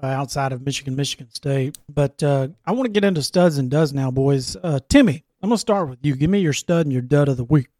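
A man's voice: medium pitch, fast talker, few pauses, dark tone, no echo, clean studio sound. A man hosting a sports podcast, leading the talk in a playful, laughing way. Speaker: podcast host. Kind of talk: casual sports chat.

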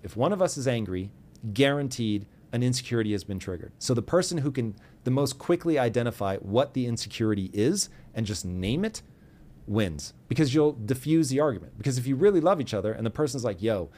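A man telling a personal story as a podcast guest, animated and earnest, acting out both sides of old arguments. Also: medium pitch, fast. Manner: earnest and intense when giving advice.

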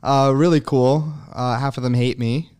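A man's voice: medium pitch, fairly even intonation, normal speed, a little mellow, clean tone. A young man as an interview guest, telling his story loosely and profanely with many fillers and frequent chuckles.

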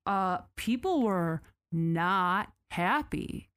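A woman co-hosting a podcast, telling a story in casual chat who swears freely and climbs sharply in pitch when she gets outraged. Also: animated, drawn-out words, fairly bright tone, no echo. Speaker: podcast co-host.

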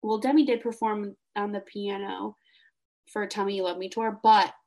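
A young woman co-hosting a casual fan podcast, animated and gushing, laughing often. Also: medium pitch, moderate pace. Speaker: podcast co-host.

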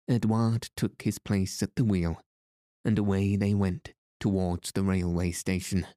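A man narrating a classic story as an audiobook, in a measured, even way. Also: low-pitched, dry recording, studio quality.

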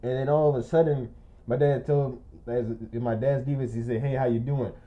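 A man's voice: medium pitch, fairly even intonation, brisk, a loud crowd. A young man telling a long, rambling story in casual chat, often breaking into laughter. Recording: muffled lo-fi recording.

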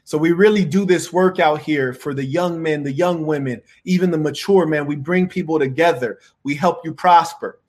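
A man with a noticeably high-pitched voice delivers motivational advice in a preachy, self-assured way. He reads out viewer messages and answers them, addressing his audience as saints and punctuating his points with "you dig?". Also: moderate pace, few pauses. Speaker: channel host answering viewer questions.

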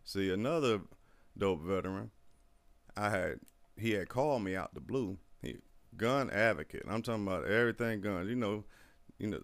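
Brief: man, gravelly low voice, profane animated storyteller. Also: normal speed. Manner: profane, animated storyteller who acts out quotes. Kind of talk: casual storytelling chat.

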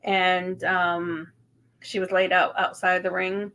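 A woman's voice: on the low side, flat delivery, slow, pushed and bright. A woman in her thirties co-hosting a casual podcast, chatty, full of ums and casual swearing. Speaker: podcast co-host. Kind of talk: casual chat recap.

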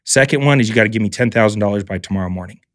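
A man's voice: fairly low pitch, very fast, no room sound, studio quality. A man hosting a podcast who tells stories animatedly and swears freely in casual conversation. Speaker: podcast host.

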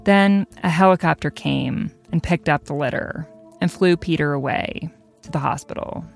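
A podcast host narrating a story in measured scripted sentences. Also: medium pitch, gravelly, soft background music.

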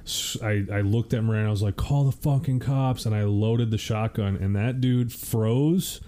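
A man co-hosting a podcast, casually retelling a tense story with wry, dark humor. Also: on the low side, fairly even intonation, normal speed. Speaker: podcast co-host.

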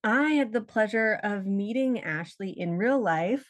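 A woman's voice: mid-range voice, animated, a little slow. Breathless, chatty woman podcast host. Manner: upbeat, slangy and chatty. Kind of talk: casual chat.

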